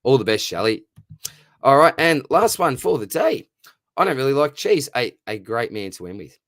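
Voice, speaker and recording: A man's voice: medium pitch, sing-song, moderate pace, a bit bright, no echo, studio quality. Matey Australian man hosting a stream. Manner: matey, upbeat, reads viewer questions aloud. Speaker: fantasy football livestream host. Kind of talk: casual live Q&A chat.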